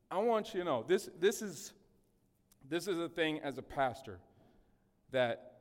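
A male pastor preaching a sermon in an animated, conversational way, with humorous asides. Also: medium pitch. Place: church sanctuary. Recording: long hall reverb.

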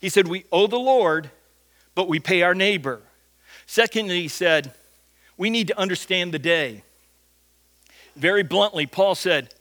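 A pastor preaching a sermon, telling a story and then teaching from Scripture in an emphatic, conversational way. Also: male voice, sits high, measured pace, pauses often, fairly bright tone. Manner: repeats words when starting phrases.

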